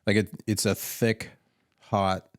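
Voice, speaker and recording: A man's voice: lowish voice, little pitch movement, takes it slowly, clear, resonant tone, dry recording, studio quality. A man co-hosting a podcast about emergency medical work, laid-back and slangy, giving short reactions. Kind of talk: casual chat.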